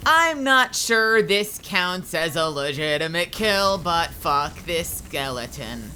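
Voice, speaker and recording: A woman's voice: on the low side, sing-song, slow, hardly any pauses, slight background noise. A woman livestreaming a game, chatting casually and swearing a lot as she tells stories and reacts to the play. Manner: profane, chatty storytelling; bursts into loud outrage during play. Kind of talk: casual live gameplay chat.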